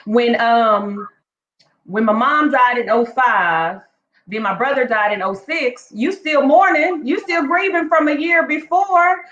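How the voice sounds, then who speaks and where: A woman's voice: high-pitched, measured pace, fairly bright tone. A woman teacher, a guest, telling her story in a chatty, heartfelt way and calling the listener "girl" again and again. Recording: echoey room, dull lo-fi sound.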